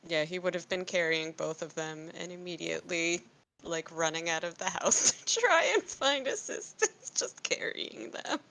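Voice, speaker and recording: A woman with a lowish voice plays a tabletop game, eagerly laying out her character's moves. Her pitch swings widely as she talks. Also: animated, normal speed, creaky, pushed and bright, rough recording. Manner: eager, describes her character's actions in a rush. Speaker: player.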